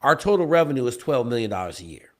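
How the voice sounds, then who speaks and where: A man's voice: medium pitch, very animated, quick pace. A man, a podcast guest, telling a story emphatically and often checking in with "okay?". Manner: emphatic, punctuates with "okay?" and "bro". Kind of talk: animated storytelling in a conversation.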